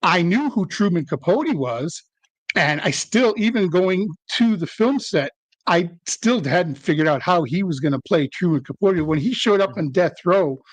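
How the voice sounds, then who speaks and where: A middle-aged actor talking as an interview guest, telling rambling, self-deprecating stories. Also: male voice, high voice, lively intonation, moderate pace, no room sound. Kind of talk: casual interview storytelling.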